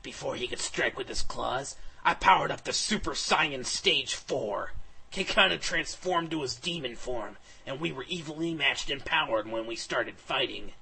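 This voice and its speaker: A man reads an over-the-top adventure story in a flat, matter-of-fact tone. His voice is very husky with a bright, edgy tone. He keeps an even pace. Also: medium pitch, moderate pace, rough recording. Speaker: comedic reader. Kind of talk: deadpan reading of fan fiction.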